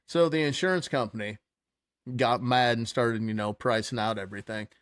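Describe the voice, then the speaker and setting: Man, animated storyteller, laughs and swears a lot, dry close sound. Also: medium pitch, normal speed, no room sound. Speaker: podcast co-host. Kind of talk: casual storytelling chat.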